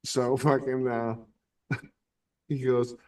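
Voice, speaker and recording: A man's voice: medium pitch, little pitch movement, takes it slowly, a little mellow, recorded from a distance. A man, rambling through a story among friends, swearing and laughing often. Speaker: podcast host. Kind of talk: casual stoner chat with friends.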